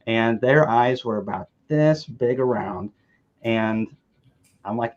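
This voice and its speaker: A man's voice: lowish voice, moderate pace, muffled recording. Joking man from the American South. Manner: joking, rambling anecdotes with repeated restarts. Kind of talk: casual storytelling chat.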